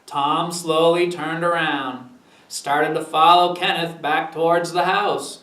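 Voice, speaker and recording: A man's voice: a little high, steady tone, slow, fairly bright tone, roomy sound, far from the mic, poor audio. A man with a Maine accent reading his humor book aloud in an easygoing, folksy way. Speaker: storyteller.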